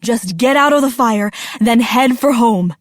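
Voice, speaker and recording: A woman voicing a frantic father who yells urgent orders through a fire in a storybook reading. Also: on the high side, a little slow, dry recording, studio quality, natural voice. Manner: urgent yelling.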